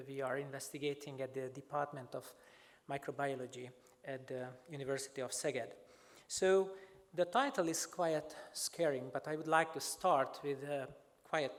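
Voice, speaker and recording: Halting man lecturing in a reverberant hall. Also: fairly high pitch. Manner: halting, many filler sounds and restarts. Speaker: microbiology researcher giving a lecture. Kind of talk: academic talk with slides.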